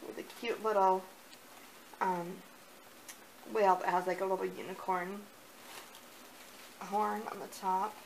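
Young woman vlogger, gushing unboxing chat, slow and breathy with excited gasps, faint background hiss. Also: mid-range voice, low-quality recording. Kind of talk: unboxing vlog, casual chat.

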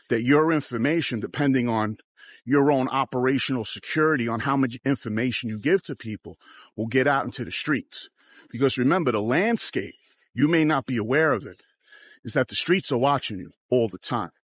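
A man talks straight to his viewers, with earnest warnings and a casual, repetitive delivery. His voice sits at a medium pitch. The sound is dry and close, with little room tone. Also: no room sound. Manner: earnest, cautionary, repeats phrases like once again. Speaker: travel vlogger. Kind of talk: casual advice monologue to camera.

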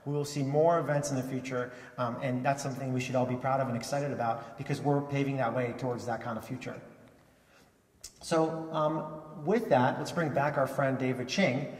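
A man's voice: mid-range voice, fairly even intonation, moderate pace. A man giving an enthusiastic conference keynote, often restarting and repeating words. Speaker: keynote speaker. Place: large conference hall. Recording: echoey hall from far off.

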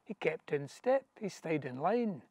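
A man with a Scottish accent giving a rhythmic, measured poetry reading in Scots dialect, outdoors in a back garden. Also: on the high side, sing-song, a little mellow, dry recording. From Scotland. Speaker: poetry reader.

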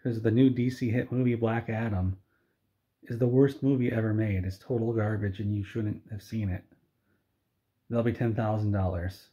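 A man voicing a matter-of-fact male doctor who delivers a blunt verdict in a brisk, flat way. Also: fairly low pitch, close to an everyday voice. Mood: dismissive. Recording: dull lo-fi recording.

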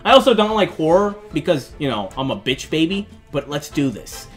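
Male let's-play host, lively swooping delivery, excitable and jokey, faint music behind. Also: fairly high pitch, normal speed. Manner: excitable, jokey, bursts into shrieks and laughter. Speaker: gaming channel host.

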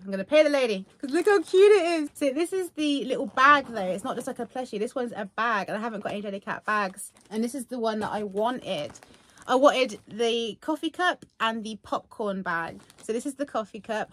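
Gushing woman vlogger. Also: fairly high pitch. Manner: gushing and excitable, many fillers. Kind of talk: casual unboxing vlog.

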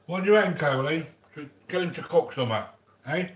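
A man's voice: on the high side, a little fast. A man chatting casually while hosting a cooking vlog, rambling and joking and greeting viewers by name. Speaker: cooking channel host.

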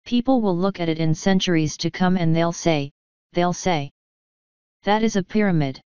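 A woman's voice: lowish voice, moderate pace, darkish tone, smooth, no echo, highs cut off, lightly acted. A woman reading an audiobook, voicing a young king who is awkward, hesitant and eager to please. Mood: flustered. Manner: hesitant, fumbling, earnest.

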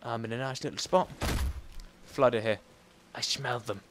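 A young man giving playful, goofy gameplay commentary, swinging between loud outbursts and muttering asides. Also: mid-range voice, fairly even intonation, normal speed, background noise. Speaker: gaming commentator.

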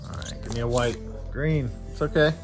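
A man's voice: mid-range voice, moderate pace. A middle-aged man casually chatting as he opens trading card packs and reads out each card name. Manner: chatty, reads card names aloud in lists. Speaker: card unboxing host. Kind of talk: casual unboxing commentary. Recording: music playing behind.

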